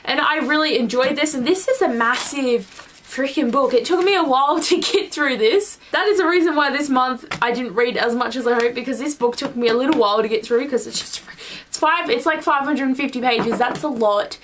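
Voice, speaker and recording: A woman's voice: sits high, brisk, a bit bright, distant mic, a little hiss or hum. A young woman vlogging her monthly reading wrap-up in a rambling, gushing way, full of "like". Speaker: book vlogger. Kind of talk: casual monthly book wrap-up.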